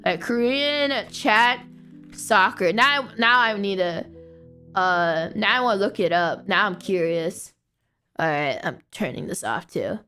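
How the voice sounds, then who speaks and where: A woman's voice: mid-range voice, expressive, measured pace, pushed and bright, soft background music. A young woman streaming from home, chatting casually and rambling, with playful chanting and casual swearing. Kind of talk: casual late-night stream chat.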